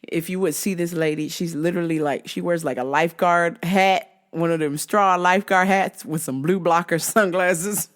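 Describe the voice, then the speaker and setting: A woman hosting a comic vlog, telling customer stories in a profane, animated way. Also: lowish voice. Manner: animated, profane, laughing, quick asides. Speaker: host.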